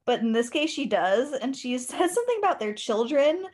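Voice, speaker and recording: Woman, high and lively, giggly outrage over a book plot. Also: normal speed. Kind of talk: casual chat about a book.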